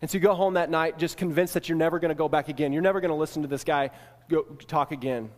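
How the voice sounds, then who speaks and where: Male preacher, slightly higher voice, dramatic storyteller, swings hushed to forceful, long hall echo. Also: steady tone, fast. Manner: dramatic second-person retelling, swings from hushed to emphatic. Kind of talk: sermon storytelling.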